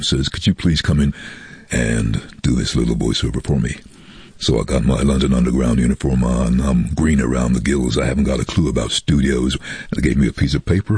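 A man who works as a voice-over artist, telling anecdotes in a relaxed way in a radio interview and now and then slipping into other people's voices. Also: no echo. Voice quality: very deep, husky voice. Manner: relaxed storyteller who slips into quoted voices.

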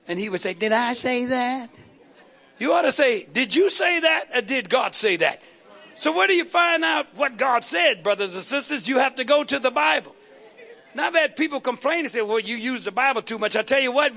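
A man's voice: very high-pitched, bright, forceful tone. A man preaching a sermon, calling out to the congregation and building up rhythmic repeated lines. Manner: call-and-response preaching, rhythmic repetition. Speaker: pastor.

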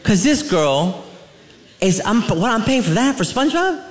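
A middle-aged man doing a stand-up comedy set, telling rambling, animated stories with asides. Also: high voice, a little slow. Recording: roomy venue sound with light noise.

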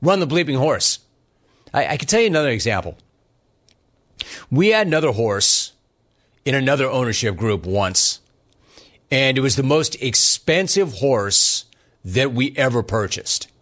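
A middle-aged man hosting a talk show, ranting emphatically in an animated monologue. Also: medium pitch, measured pace, pauses often. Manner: emphatic, riffs and rants, acts out quotes. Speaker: radio talk show host.

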